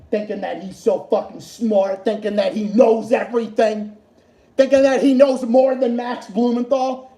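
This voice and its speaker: A man's voice: very high voice, mellow. Furious, profane ranting man, echoey room. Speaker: livestream host. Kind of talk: angry political rant.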